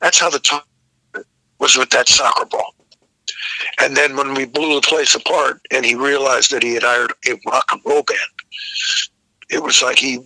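Bright, dry-voiced older rock singer. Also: male voice, medium pitch, steady tone, normal speed, long pauses, dry recording, rough recording. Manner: rambling anecdotal, frequent restarts, profane. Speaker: rock vocalist guest. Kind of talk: casual storytelling interview.

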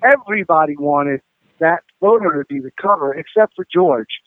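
Guest man, rambling and profane, slightly high voice, dry tinny phone-line sound. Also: expressive, normal speed, no room sound. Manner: rambling, profane, many fillers. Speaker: guest rock musician. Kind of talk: casual interview storytelling.

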